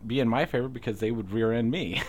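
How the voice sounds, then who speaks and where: Man, mid-pitched voice, easygoing podcast co-host, personal stories, faint rumble in the background. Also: fast. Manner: easygoing, laughs often, tells personal stories. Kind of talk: casual chat.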